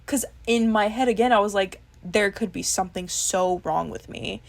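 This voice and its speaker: A woman's voice: mid-range voice, moderate pace, vocal fry. A young woman talking candidly to camera in a casual vlog, swearing freely and laughing at herself. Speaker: vlogger. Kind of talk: casual confessional chat.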